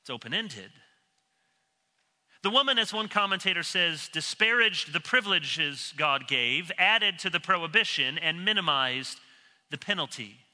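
Animated, bright-voiced preacher in a reverberant hall. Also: male voice, measured pace. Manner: animated, emphatic, drops low and quiet for quoted speech. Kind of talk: expository sermon. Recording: long reverb of a large hall.

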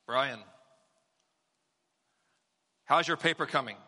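A preacher playing his older male Welsh seminary professor, who speaks in a stern, dry deadpan. The voice is recorded in a reverberant church sanctuary. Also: mid-range voice, slow, full character voice.

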